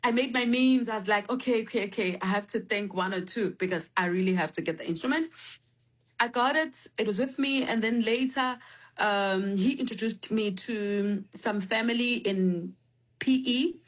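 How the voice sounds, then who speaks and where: A woman musician telling stories about her instrument, animated and spiritual, full of restarts and fillers, on a phone line. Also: medium pitch, normal speed. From South Africa. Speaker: guest musician. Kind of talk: remote interview.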